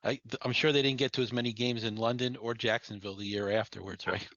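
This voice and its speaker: A man's voice: medium pitch, steady tone, fast talker, fairly bright tone, no room sound. Laid-back guy interviewing folks, dry and kinda muffled audio. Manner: easygoing, prompting questions, laughs along. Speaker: interviewer, team executive. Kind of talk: interview hosting. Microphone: video call. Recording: dry, dull video-call audio.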